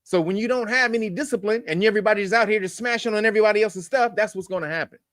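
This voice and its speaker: A man's voice: high-pitched, rapid-fire, a bit bright, no echo, clean studio sound. A man hosting a news commentary show, blunt and profane, lecturing his viewers. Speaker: host.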